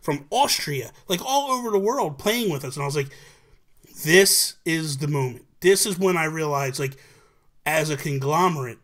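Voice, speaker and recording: Male show host with a higher voice, chatty and animated, acts out quotes, on a video call. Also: normal speed. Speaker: podcast host. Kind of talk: casual livestream chat.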